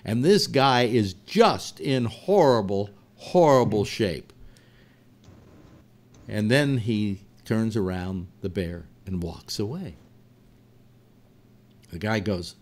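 A man hosting a talk show, telling a long joke to his panel as an animated, laughing storyteller. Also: on the low side, takes it slowly. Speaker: radio show host.

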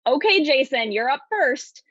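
Bubbly woman host, high voice, dry close sound, dull lo-fi video call audio. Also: animated, a little slow, a bit bright, no room sound. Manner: bubbly, laughs easily. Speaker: interview host. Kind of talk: upbeat video chat interview.

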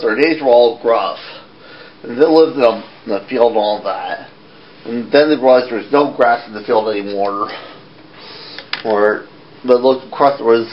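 A man's voice: mid-range voice, highs cut off. A man puppeteer telling fairy tales casually, rambling and restarting his lines. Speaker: puppeteer storyteller. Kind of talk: casual storytelling.

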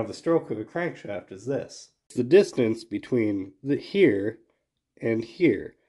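A man's voice: medium pitch, dark tone. A man with a stuffy nose from a cold, talking in a nasal voice as he casually explains a job in his garage. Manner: folksy, hands-on explaining. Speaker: garage channel host. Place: home garage.

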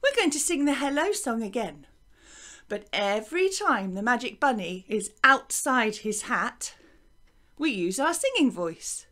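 A woman teaching a recorded music lesson for young children, lively and encouraging in a sing-song teacher voice. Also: on the high side, unhurried. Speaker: primary school teacher.

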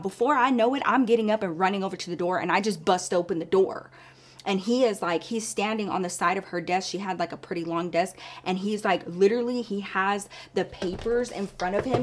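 A woman's voice: medium pitch, a little fast. A woman vlogger telling a personal story in a casual, chatty way, full of "like" and addressing viewers as y'all.

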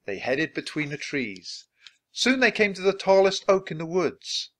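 A man's voice: high voice, a little slow. A man reading a children's book aloud, narrating expressively. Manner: expressive, lively. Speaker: storybook reader.

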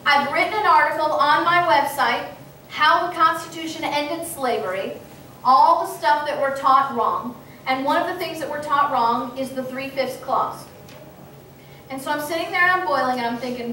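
A woman's voice: high voice, normal speed. A woman giving a storytelling speech to an audience, acting out the exchanges she quotes. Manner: animated, acts out quoted exchanges. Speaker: speaker at a political meeting. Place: meeting hall, indoors. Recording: echoey hall from far off with faint room noise.

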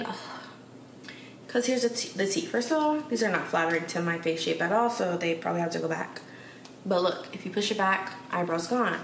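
A woman with a lowish, gravelly, slightly bright voice vlogs at home, talking straight to her viewers. Her casual chat is sassy and full of slang. The audio is noisy and echoey, and she's distant from the mic.

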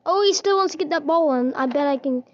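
A woman's voice: high voice, fast talker, muffled recording, slight background noise. A woman giving casual, playful gameplay commentary, teasing and chatting to the characters in her game. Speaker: gaming video host.

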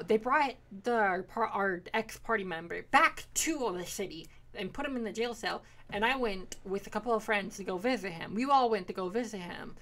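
Young woman, casual game recap, rambling, swears a lot, mid pitch. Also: gravelly, fairly bright tone. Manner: rambling, swears freely, acts out quick quotes. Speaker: player recapping a tabletop campaign.

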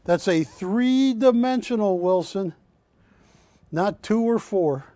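A man's voice: sits high, animated, takes it slowly, warm tone, dry recording. A man hosting a live shopping channel show, telling rambling stories about the art he sells and correcting himself as he goes. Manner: rambling anecdotal storytelling, self-correcting. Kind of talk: live TV sales presentation. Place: TV studio.

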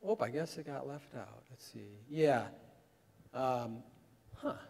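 A man's voice: mid-range voice, takes it slowly, vocal fry, a little mellow. A man preaching a sermon, talking conversationally and rising to emphatic peaks. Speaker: pastor. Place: church sanctuary. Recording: long hall reverb in a church.

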